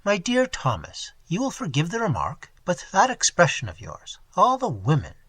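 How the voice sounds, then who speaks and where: Man doing prim genteel wife, polite, reproving, raised bright voice, husky, dry audiobook sound. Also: high-pitched, huge pitch swings, normal speed, dry recording, heavily acted. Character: prim, proper middle-aged wife, genteel.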